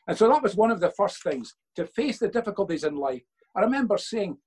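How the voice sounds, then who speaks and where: A man's voice: high voice, sing-song, fast talker, a little mellow, husky, poor audio. An older man, a father being interviewed by his son for a church video, telling earnest stories and quoting himself with emphasis.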